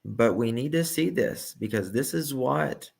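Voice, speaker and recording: A man's voice: medium pitch, expressive, measured pace, gravelly, darkish tone, slightly rough. A man giving emphatic true crime reaction commentary and repeating his key points.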